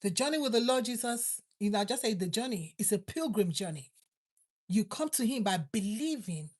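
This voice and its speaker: A woman preaching and praying, repeating her thanks to God and slowing down on key words. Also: a little high, expressive, a little mellow. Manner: fervent, repetitive prayer phrases, slows for emphasis. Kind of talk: prayer and sermon.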